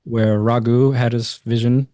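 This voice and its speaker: A man's voice: mid-range voice, measured pace, smooth, no echo, clean studio sound. A man, a podcast guest, telling a personal story in casual conversation, acting out the other people's lines and using lots of fillers. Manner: animated retelling with quoted voices and many fillers.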